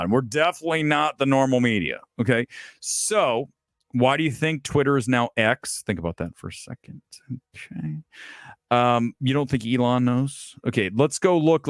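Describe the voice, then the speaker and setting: A man hosting a late-night live movie stream, opinionated and animated, his pitch leaping around as he rants with mocking asides. He sounds tired. The sound is dry and close. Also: no echo. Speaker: film talk show host.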